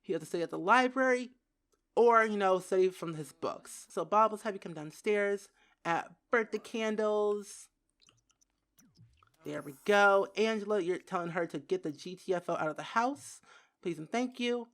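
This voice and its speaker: A young woman giving casual gameplay commentary who giggles, gets excited and says "like" a lot. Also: mid-range voice, moderate pace. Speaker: gaming video creator.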